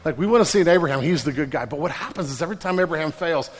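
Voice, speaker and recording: A man's voice: on the high side, expressive, very fast. A male pastor giving a sermon in a casual, joking storytelling way with slang, heard with long reverb from a large hall.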